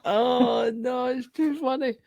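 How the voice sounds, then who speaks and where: A man's voice: extremely high pitch, fairly even intonation, takes it slowly, gravelly, a little mellow, dry recording. Laughing Scottish man, dry close sound. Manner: sweary, laughs a lot. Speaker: podcast co-host. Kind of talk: casual chat.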